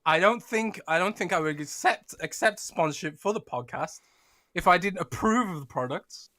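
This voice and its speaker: Bright-voiced, laughing podcast co-host man. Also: sits high, expressive, moderate pace. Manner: laughing, joking, reads sponsor spots with mock emphasis. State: tired after feeling unwell. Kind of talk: casual podcast chat.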